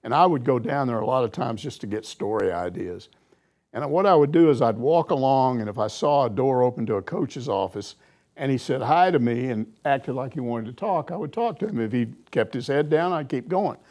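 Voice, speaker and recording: In a medium-pitched voice that runs a little fast, an older man fields questions as a sports reporter in an easygoing chat. He tells his stories with animation, laughing throughout.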